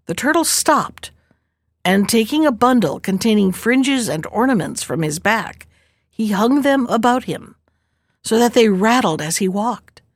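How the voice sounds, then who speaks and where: A woman reads a folk tale aloud in an expressive storytelling voice. Her pitch sits fairly high and moves in wide, animated swings. The recording is close and dry. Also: dry recording.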